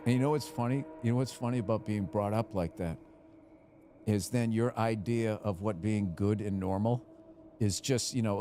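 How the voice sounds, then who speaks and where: A man's voice: fairly low pitch, slight background noise. Profane, rambling man chatting. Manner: profane, rambling, animated storytelling. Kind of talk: casual chat.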